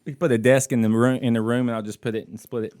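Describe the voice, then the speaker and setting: A man's voice: mid-range voice, level tone, rapid-fire, a little mellow. A man from the American South co-hosting a podcast, chatting in a laid-back way and telling stories over a video call. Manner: storytelling, laid-back, says dude a lot. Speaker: podcast co-host. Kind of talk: casual chat.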